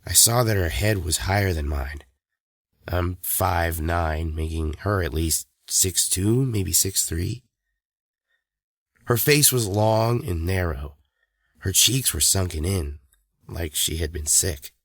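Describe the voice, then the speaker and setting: A man tells a horror story in the first person, calm and steady. His voice sits very low, and the recording is dry and close, with no room sound. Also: slow pace, no echo. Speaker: narrator.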